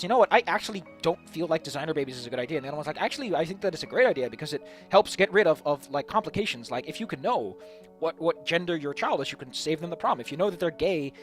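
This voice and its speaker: A man's voice: fairly high pitch, fairly bright tone. A young man ranting off the cuff about a tabletop campaign idea, rambling with many restarts and frequent swearing. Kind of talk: unscripted solo rant.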